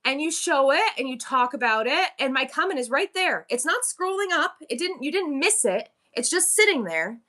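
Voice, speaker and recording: Chatty bright-voiced woman hosting a live stream. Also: high-pitched, moderate pace, hardly any pauses. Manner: chatty and animated, talks straight to her viewers. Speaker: live-stream seller and show host. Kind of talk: casual live-stream chat giving selling advice.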